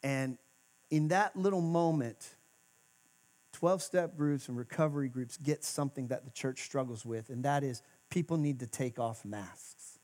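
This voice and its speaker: A male pastor giving a sermon in a church, talking conversationally and moving between emphatic and hushed moments. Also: mid-range voice, unhurried. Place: church sanctuary.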